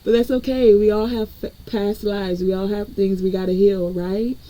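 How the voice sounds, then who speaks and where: Speaking at normal speed in a warm, steady mid-range voice, a woman energy reader offers a collective spiritual reading. She keeps it conversational and talks straight to her viewers, though the recording is low quality.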